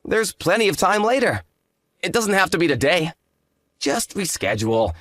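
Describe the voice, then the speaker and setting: A man's voice: high-pitched, sing-song, normal speed, fairly bright tone, dry recording, studio quality. An actor playing an arrogant, hungover young fiancé who talks down to his partner in a lazy, condescending drawl. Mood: dismissive. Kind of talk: dramatized story voice acting.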